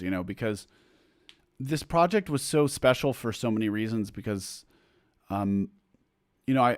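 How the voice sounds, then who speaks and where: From his home, a man chats with supporters on a casual livestream, reading their comments aloud and wandering off into rambling talk full of fillers and restarts. His voice sits on the low side, and the recording is dry and clean like a studio.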